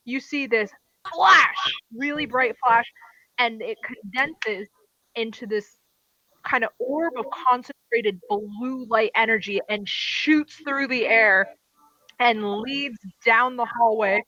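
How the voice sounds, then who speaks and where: Bright-voiced woman game master. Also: a little high, unhurried, no room sound, lo-fi sound. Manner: lively descriptive narration, laughs often. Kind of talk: narrating a tabletop game.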